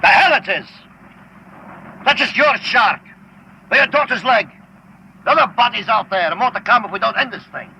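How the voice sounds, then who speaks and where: An actor playing a grizzled old fisherman who hunts sharks, with an odd accent, switching between yelling and whispering, in film dialogue. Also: very high-pitched, lively intonation, normal speed, gravelly, long pauses, full character voice. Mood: shouting. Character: grizzled old male shark-hunting fisherman, gruff and intense. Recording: dull lo-fi film audio with background noise.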